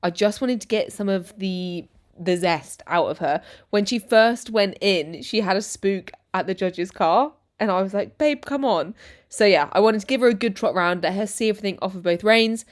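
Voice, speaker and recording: A woman's voice: mid-range voice, normal speed, few pauses. A young woman vlogger and rider giving a chatty, bubbly voice-over to her viewers. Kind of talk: casual voice-over narration.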